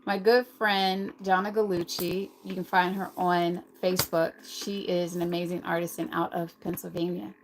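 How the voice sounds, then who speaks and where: A woman's voice: lowish voice, little pitch movement, moderate pace, few pauses, background noise. Chatty American woman with a slight lisp. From United States. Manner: chatty, reads and answers the chat aloud. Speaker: livestream host. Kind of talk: casual livestream chat to viewers.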